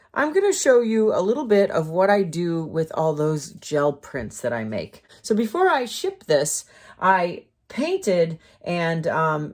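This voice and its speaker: A woman's voice: lowish voice, reverberant. A woman artist hosting a casual studio tutorial, chatting her way through her process with rambling asides. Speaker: collage artist and channel host. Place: art studio.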